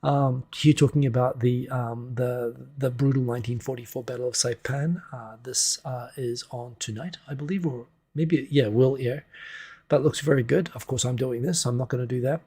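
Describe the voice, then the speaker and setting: A man's voice: mid-range voice, fairly even intonation, normal speed, mellow, slightly rough. A man hosting a livestream, giving casual, wry, rambling commentary on the news from a home setup into a desk microphone. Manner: rambling, wry, self-interrupting. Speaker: livestream host. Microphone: desk USB microphone.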